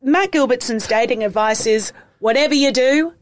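A woman's voice: on the high side, moderate pace. A woman hosting a casual chat, bantering and teasing her guest playfully. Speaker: podcast host.

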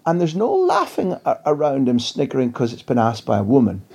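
A man tells a long story as an interview guest, drifting and wry as he goes. His voice is gravelly and dark. His pitch sits in the middle range. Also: wildly swooping pitch, brisk. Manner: rambling, wry. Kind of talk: casual anecdotal storytelling.

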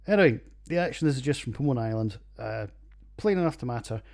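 A man's voice: medium pitch, lively intonation, fairly quick, vocal fry, a little mellow. A man with a Scottish accent hosting a casual solo podcast, rambling and jokey with plenty of swearing. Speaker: podcast host reviewing beers.

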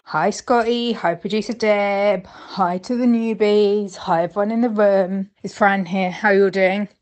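A woman's voice: medium pitch, fairly even intonation, unhurried, darkish tone. A woman leaving a heartfelt, rambling voice message to a podcast, tender and emotional. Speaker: listener sending a voice message.

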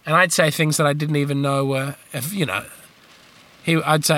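Bright-voiced deadpan man rambling. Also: on the high side, moderate pace, faint music behind. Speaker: podcast host. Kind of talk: casual comedic monologue answering listener questions.

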